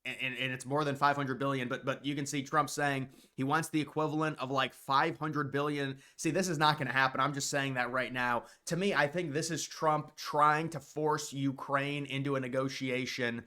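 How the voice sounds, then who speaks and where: Opinionated man, bright voice. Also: medium pitch, fairly even intonation, moderate pace, few pauses. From United States. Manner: opinionated, talks off the cuff with restarts. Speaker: political commentary vlogger. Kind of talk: casual political commentary.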